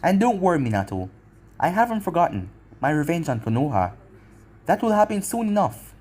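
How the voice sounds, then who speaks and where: Man voicing a bitter young ninja out for revenge, taunting slow and icy, lively pitch. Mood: menacing. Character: vengeful young man Naruto, cold and mocking.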